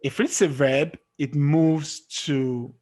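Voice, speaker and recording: A man teaching a classroom lesson, explaining slowly and quizzing his students as he goes. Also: fairly high pitch, fairly even intonation, a little mellow. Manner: slow, drawn-out explaining with questions to students. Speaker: English teacher.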